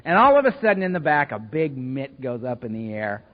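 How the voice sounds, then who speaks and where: Animated man telling his story in a hall. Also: mid-range voice, a little fast. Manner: animated, self-mocking storyteller. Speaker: AA meeting speaker. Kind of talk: storytelling talk to a live meeting. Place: meeting hall. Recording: echoey hall, dull lo-fi sound.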